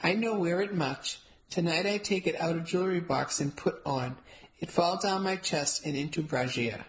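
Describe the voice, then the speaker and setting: A woman's voice: fairly low pitch, moderate pace, lightly acted, low-quality recording. A woman voicing a bossy, touchy elderly woman who scoffs in broken English, in a storybook reading. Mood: scornful. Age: older. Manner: stubborn, scornful, speaks in broken English.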